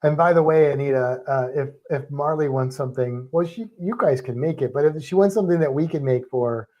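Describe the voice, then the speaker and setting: A man co-hosting a livestream, chatting casually with viewers in a rambling, animated way and often breaking off mid-sentence. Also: on the high side, a little fast, highs cut off. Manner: rambling, self-interrupting, animated storytelling. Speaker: livestream co-host.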